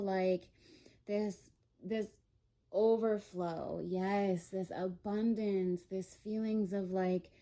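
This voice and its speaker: Slow, mellow-voiced woman tarot reader. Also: mid-range voice. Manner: rambling, many fillers and restarts; earnest and reassuring. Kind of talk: casual spiritual reading.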